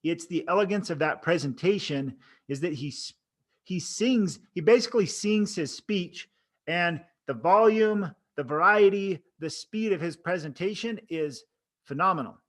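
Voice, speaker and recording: High-voiced man coaching to camera. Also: moderate pace, a bit bright. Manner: casual coaching, demonstrates expressions and tones. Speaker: oral board coach. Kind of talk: instructional talk to camera. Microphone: camera framing, speaking to camera.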